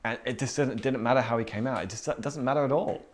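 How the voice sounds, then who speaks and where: A man's voice: medium pitch, quick pace. A young man giving an informal, earnest sermon, chatty and full of fillers like "you know what I mean". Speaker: preacher.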